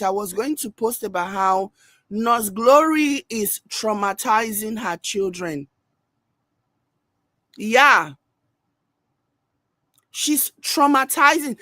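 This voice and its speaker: A woman giving animated reaction-video commentary. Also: a little high, dry recording. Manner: animated, mimics people she discusses.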